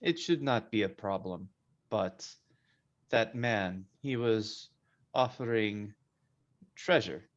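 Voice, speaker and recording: A man playing a formal, courteous spellcaster who talks slowly and deliberately in a lowish voice. His stiff, polite phrasing comes through a dull, lo-fi mic. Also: lively intonation. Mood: formal apology. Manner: stiff, formal, apologetic speech.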